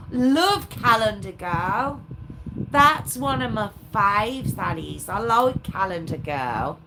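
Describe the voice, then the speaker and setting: Chatty woman rambling on a live stream. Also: fairly high pitch. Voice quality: rambling, chatty and self-mocking. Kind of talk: casual chat with live viewers. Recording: clear background noise with clicks.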